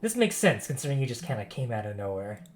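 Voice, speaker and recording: A man narrating a tabletop game as game master, expressive and pausing often to correct himself. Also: medium pitch, soft background music. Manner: expressive narration with frequent self-corrections and fillers.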